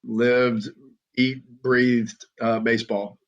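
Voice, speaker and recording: A middle-aged man with a Southern American accent, telling his story as a podcast guest in an earnest, halting way with frequent restarts. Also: medium pitch, flat delivery. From Southern United States. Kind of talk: conversational storytelling. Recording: muffled lo-fi audio.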